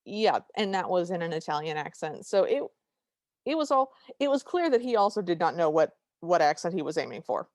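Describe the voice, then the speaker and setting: A woman hosting a podcast, chatting in an animated way and often correcting herself mid-sentence. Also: on the low side, brisk, no echo, studio quality. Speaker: podcast host. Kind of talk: casual podcast chat.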